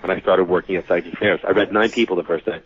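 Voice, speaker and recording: Guy with a really low husky voice telling psychic stories, sounds like a tinny phone line. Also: fast, slight background noise. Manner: animated anecdote-telling, acts out quoted voices, many fillers. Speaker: psychic reader, guest. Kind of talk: casual storytelling interview.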